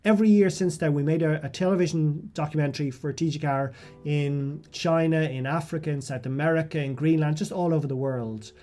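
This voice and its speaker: A man's voice: a little high, fairly quick, warm tone. An Irish man, a writer guest, telling a vivid, self-mocking story in conversation and often restarting his phrases.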